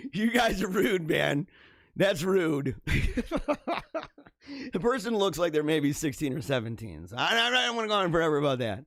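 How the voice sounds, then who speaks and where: A man's voice: fairly high pitch, very animated, moderate pace, fairly bright tone, no echo. A man hosting a casual live stream from a home basement studio, rambling and laughing often as he comments.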